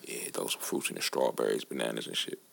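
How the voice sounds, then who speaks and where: A man's voice: extremely low pitch, fast talker, vocal fry. A man co-hosting a podcast, telling stories in casual, slangy, profane chat. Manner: animated storytelling, slangy and profane. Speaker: podcast co-host.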